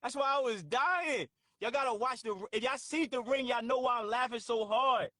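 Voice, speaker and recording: A man hosting a casual livestream, laughing often and reacting loudly and profanely to his chat. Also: extremely high pitch, moderate pace, no room sound. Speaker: livestream host.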